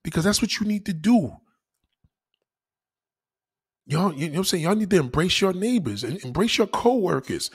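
Husky New York man ranting. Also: sits high, animated, fairly quick, few pauses, a little mellow. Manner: heated, swearing, preachy. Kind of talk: profane rant to camera.

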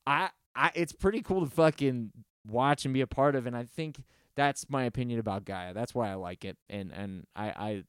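A man co-hosts a casual music podcast, his voice smooth and resonant. He talks in an animated, profane ramble full of restarts. The sound is close and dry, with no room around it. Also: medium pitch, moderate pace, no echo. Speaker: podcast co-host. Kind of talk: casual music review chat.

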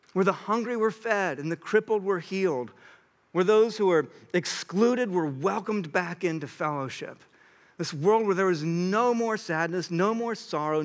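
A young man preaching a sermon, earnest and animated, sometimes acting out what others say. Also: sits high. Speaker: pastor.

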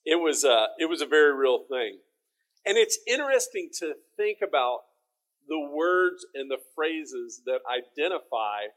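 A middle-aged man with a Texan accent, teaching a folksy, conversational sermon. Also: a little high. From Texas.

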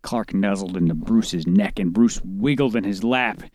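Co-hosting a comedy podcast, a man reads fan fiction aloud, often bursting into laughter and high giggles and trying out silly character voices. He speaks at a moderate pace with a slightly mellow voice.

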